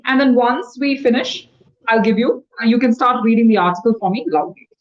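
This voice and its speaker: A woman tutoring English over a video call, explaining words quickly and patiently. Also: a little high, lo-fi sound. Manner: fast-talking, explanatory, patient. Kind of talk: one-on-one online English lesson.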